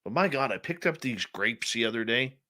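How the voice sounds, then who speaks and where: Bright-voiced male radio host. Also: medium pitch, lively intonation, fairly quick. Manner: chatty, reads live chat aloud. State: tired, yawning. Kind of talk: casual radio chat.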